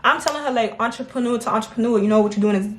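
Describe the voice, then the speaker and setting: A woman with a somewhat high voice tells a story in relaxed, casual chat. She is animated, often laughs, and acts out what other people said to her. The sound is echoey, as though recorded in a bare room. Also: rapid-fire, slight background noise.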